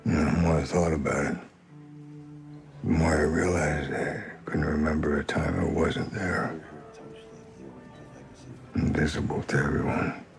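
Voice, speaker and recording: An actor playing a brooding, haunted older man in a grave, slow dramatic voice-over. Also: rumbling low, fairly even intonation, gravelly, heavily acted. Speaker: character in a TV drama clip. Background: score music.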